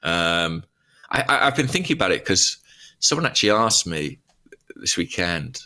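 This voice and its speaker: Deep-voiced male co-host, animated and bright, chatty storyteller. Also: normal speed. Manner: lively storyteller, playful voices. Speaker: podcast co-host. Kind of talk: casual football podcast chat.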